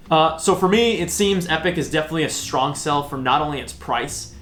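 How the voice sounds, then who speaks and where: A chatty, upbeat man talks through a casual vlog in a slightly high voice, tossing in self-mocking asides. The sound is roomy and echoey, with faint guitar music behind him. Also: a little fast, a bit bright. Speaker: host. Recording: roomy echo.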